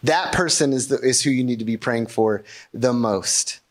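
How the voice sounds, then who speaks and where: A man's voice: medium pitch, moderate pace. A pastor preaching a sermon in a conversational way, asking rhetorical questions and often checking in with his congregation.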